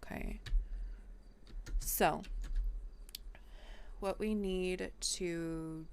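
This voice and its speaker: A young adult woman streaming, chatting casually and playfully to her viewers with sudden excited outbursts. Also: on the low side, unhurried, gravelly, smooth.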